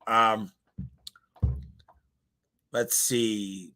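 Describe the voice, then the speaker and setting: Bright, punchy energetic man. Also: medium pitch. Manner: energetic, emphatic, blunt, with acted-out customer quotes; talks fast by his own account. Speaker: host answering live questions. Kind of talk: live Q&A advice stream.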